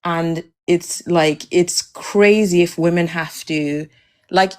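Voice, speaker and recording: Woman calling in, kinda low voice, hesitant, laughs at herself a bit. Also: fairly even intonation, takes it slowly, clean tone. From Nigeria. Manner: hesitant, self-deprecating. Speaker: caller. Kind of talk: casual chat.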